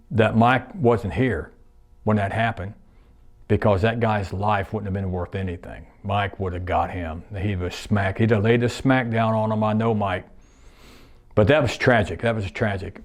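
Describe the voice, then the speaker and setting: A man's voice: lowish voice, a little mellow. A man in his sixties, a retired plant worker, reminiscing in a rambling, folksy way, repeating himself and using nonstandard grammar.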